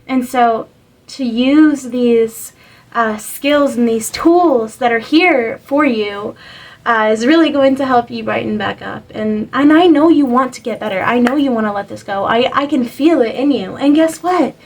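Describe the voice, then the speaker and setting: A woman's voice: a little high, unhurried, far from the mic, rough recording. Earnest young woman giving spiritual encouragement. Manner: earnest and encouraging, rambling with many "like"s. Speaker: spiritual reader. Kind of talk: motivational spiritual reading to camera.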